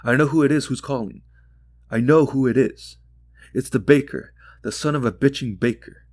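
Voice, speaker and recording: A man's voice: medium pitch, normal speed, no echo, clean studio sound, natural voice. A man putting on a grief-raw, furious mother. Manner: raw, shouting, bitter. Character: grieving furious mother, middle-aged woman.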